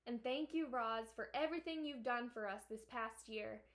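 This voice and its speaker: A woman reading aloud, voicing a gruff, limping farmer father who speaks in a hearty, grumbling way. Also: a little high, normal speed, a bit bright.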